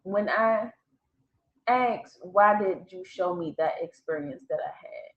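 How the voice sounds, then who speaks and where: A woman's voice: medium pitch, slow pace. A woman vlogger casually telling a personal story to camera, swearing freely and breaking into laughter. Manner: profane, animated retelling with bursts of laughter. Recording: echoey room, slightly dull sound.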